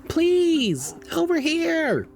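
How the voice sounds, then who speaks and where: Lost young boy in a game, frightened and pleading, pushed up high, voiced by a streamer reading the lines. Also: huge pitch swings, very slow, vocal fry, full character voice. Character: lost young boy blown away by wind.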